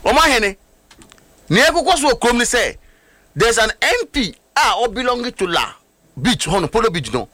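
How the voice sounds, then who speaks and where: Ghanaian guy ranting on a talk show, high voice, swings up and down a lot, rhetorical jabs. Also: sing-song, normal speed, sharp tone, no room sound. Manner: emphatic, scornful, rhetorical questions. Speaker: political guest on a talk show. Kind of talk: heated talk-show commentary.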